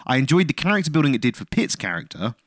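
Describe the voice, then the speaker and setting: Man, film podcast co-host, heated sweary rant, animated pitch, dry close sound. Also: racing, dry recording. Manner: heated, swears often, restarts sentences. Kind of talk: casual film review chat.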